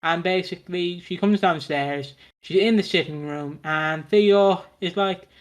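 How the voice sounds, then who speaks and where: A man's voice: sits high, measured pace, hardly any pauses. A man co-hosting a casual chat, recapping a soap opera, laughing often and acting out the characters' lines. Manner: chatty, laughing, swearing, acts out characters' lines.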